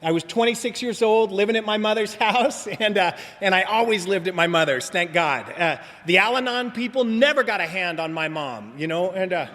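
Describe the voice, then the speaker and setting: A man in his forties with a high voice tells his recovery story to a meeting crowd, joking and rambling. He keeps asking "you know what I mean?" His voice rings with a long hall echo. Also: expressive, normal speed, hardly any pauses, fairly bright tone. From Southern California. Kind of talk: humorous recovery talk to an audience. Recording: live talk with long hall reverb.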